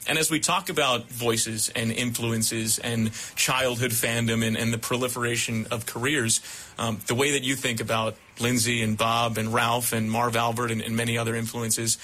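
A young man, a baseball broadcaster, interviewing a mentor and speaking an earnest, deliberate tribute. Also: medium pitch, little pitch movement, sharp tone.

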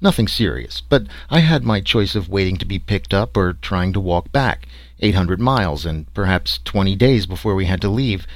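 A man's voice: sits low, animated, normal speed, no room sound. A man voicing a wry, sarcastic explorer recounting his trek. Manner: sarcastic, dry storytelling.

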